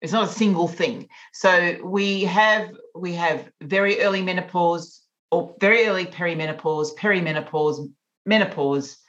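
A woman's voice: lowish voice, normal speed, fairly bright tone. A woman in her fifties with an Australian accent, a naturopath guest explaining things in a podcast interview. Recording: dull lo-fi remote audio.

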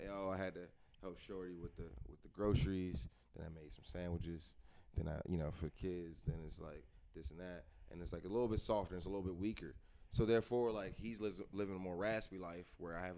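Slangy low-voiced man chatting. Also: fairly even intonation, dark tone. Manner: slangy, rambling, quick bursts. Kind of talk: casual chat.

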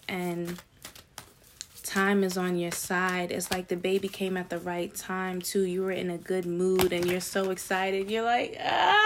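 Low, flat-voiced woman reading tarot. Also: slight background noise. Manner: chatty and slangy, with excited asides. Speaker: tarot reader. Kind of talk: casual tarot reading to viewers.

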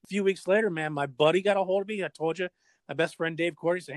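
Middle-aged male guest, animated yarn-spinner who acts out the other voices, slightly high voice, dry close sound. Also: fast talker, no echo. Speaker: guest, drummer and former pro skateboarder. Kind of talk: casual storytelling interview.

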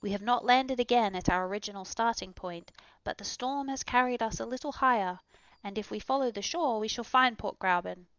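A woman's voice: on the high side, brisk, fairly bright tone, no echo. A woman voicing an earnest young explorer. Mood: doubtful. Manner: earnest, raised exclamations. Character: eager young male explorer, curious and earnest. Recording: dull, dry recording.

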